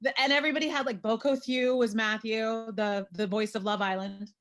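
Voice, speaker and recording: A woman's voice: a little high, fairly even intonation, a little fast, fairly bright tone. A woman, a former conservatory student, telling a story in a chatty, rambling way with many fillers and self-corrections. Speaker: former classmate, alumna. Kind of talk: casual storytelling conversation.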